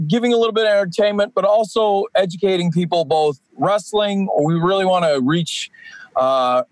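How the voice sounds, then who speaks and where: A man's voice: fairly high pitch, no echo, rough recording. A man in his forties, a professional wrestler guesting on a podcast, talking casually and rambling with many fillers and restarts. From Atlantic Canada.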